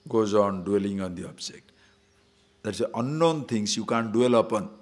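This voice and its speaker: A man teaching scripture as a swami in a spiritual discourse, teasing his listeners with rhetorical questions and chanting short verses slowly. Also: lowish voice, expressive. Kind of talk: spiritual discourse to a live audience.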